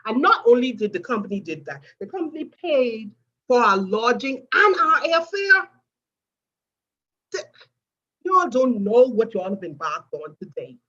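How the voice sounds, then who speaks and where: A woman tells her story, warming into emotion and calling the listeners "guys". Her voice is husky and a little breathy. The sound is muffled, like a low-fidelity stream. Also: very animated, measured pace. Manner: earnest, addresses listeners as "guys". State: getting emotional. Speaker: nurse sharing a testimony. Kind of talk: emotional personal testimony.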